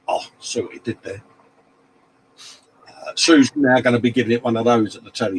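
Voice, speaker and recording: A man's voice: medium pitch, moderate pace, slight background noise, poor audio. A middle-aged man, hosting a casual live stream and reading out viewer comments in matey banter. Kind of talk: casual chat.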